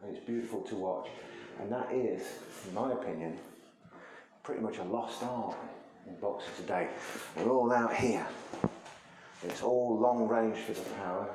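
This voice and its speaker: A man's voice: lowish voice, moderate pace, reverberant, noisy background. A man teaching a martial arts lesson, explaining things conversationally while he demonstrates moves.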